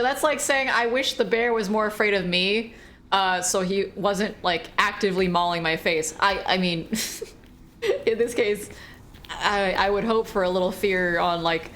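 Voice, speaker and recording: A woman's voice: medium pitch, fairly bright tone, a little hiss or hum. A woman streamer giving live gameplay commentary, exclamatory and swearing, talking back at the game.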